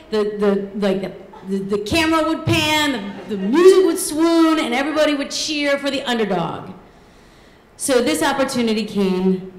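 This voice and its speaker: A woman's voice: on the high side, reverberant, rough recording. A woman in her thirties telling a true personal story on stage, comic and self-deprecating, acting out the voices of the people in it. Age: 30s.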